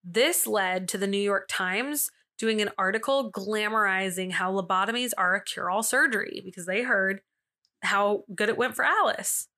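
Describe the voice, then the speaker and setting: A young woman hosts a casual storytelling podcast, her mid-range voice bright and forceful at a moderate pace. She's chatty and leans on plenty of fillers, tossing in frequent asides and laughs.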